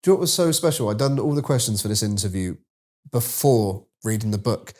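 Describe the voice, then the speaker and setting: A man's voice: fairly low pitch, expressive, fairly quick, darkish tone. Enthusiastic male interview host. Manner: enthusiastic, admiring questions. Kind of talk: casual interview chat.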